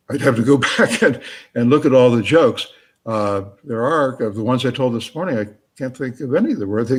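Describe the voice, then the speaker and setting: A man with a husky, slightly rough voice answers questions at a live talk, sitting at a middle pitch. He speaks haltingly, with lots of fillers, and chuckles as he thinks his answers through. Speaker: author answering audience questions.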